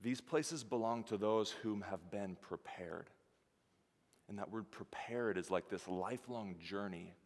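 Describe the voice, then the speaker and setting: A man preaching a sermon as pastor, lively, acting out the voices of the people in his story. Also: fairly low pitch, measured pace. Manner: animated, acts out voices of the disciples and Jesus. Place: church sanctuary. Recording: church hall reverb.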